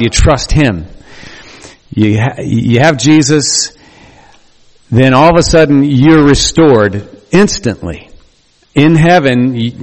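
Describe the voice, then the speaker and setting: A male pastor giving a conversational, animated sermon in a church, with frequent restarts. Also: mid-range voice. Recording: long reverb of a church hall.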